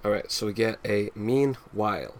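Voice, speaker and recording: A man co-hosting a podcast, casually recapping a comic with halting fillers and dry humor. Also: on the low side. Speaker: podcast co-host.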